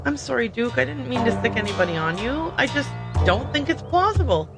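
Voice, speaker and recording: An eager young woman who hunts monsters for her video channel, earnest and upbeat, pitched a little higher with lively swings, as a woman reads her. She speaks in quick, keen bursts in a story game. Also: music in the background.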